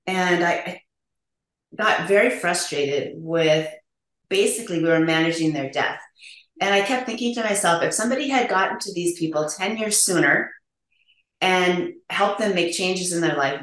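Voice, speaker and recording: Middle-aged female guest, low register, earnest explainer, echoey room. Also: moderate pace, a bit bright. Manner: earnest, explanatory, many ums. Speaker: nurse practitioner guest. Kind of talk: conversational interview.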